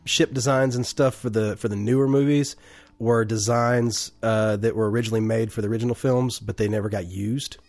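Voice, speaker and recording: A man co-hosting a podcast in casual chat, animated and swearing often. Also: fairly low pitch, a little fast, no echo. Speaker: podcast co-host.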